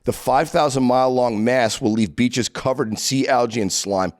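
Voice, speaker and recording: A man's voice: medium pitch, normal speed. A man hosting a podcast, reading out odd news stories with a wisecracking, mocking edge. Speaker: podcast host. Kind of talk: casual podcast banter.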